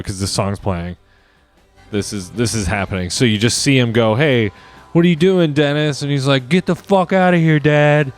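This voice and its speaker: A man's voice: lowish voice, no room sound. Rambling, profane man on a podcast. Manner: rambling, profane, improvising a plot aloud. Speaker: podcast host. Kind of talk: casual comedic riffing.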